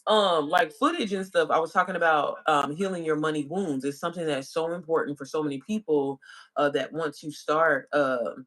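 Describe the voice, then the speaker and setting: A woman's voice: deep voice, normal speed, fairly bright tone. A woman chatting casually with viewers on a livestream as an online business coach, calling them y'all and girl.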